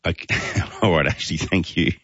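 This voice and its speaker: A man's voice: low-pitched, steady tone, normal speed, a bit bright, lo-fi sound, a little hiss or hum. A man with an Australian accent hosting casual talkback radio, chatting and reading out listener texts with chuckles. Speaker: talk radio host.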